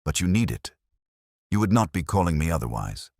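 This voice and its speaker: An aloof, exacting detective, read by a man speaks in a very deep, husky voice with lively rises and falls. Every word is measured and dryly formal. The sound is close and dry. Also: no echo, exaggerated voice. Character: stout, aloof male genius detective, older. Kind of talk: audiobook character reading.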